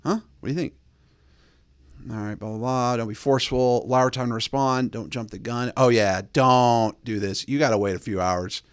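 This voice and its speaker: A man's voice: fairly even intonation, brisk, hardly any pauses, clean tone, no echo. A male host giving blunt, bossy dating advice in a casual monologue, close to the mic. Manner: blunt, bossy, mocks texts in a high put-on voice.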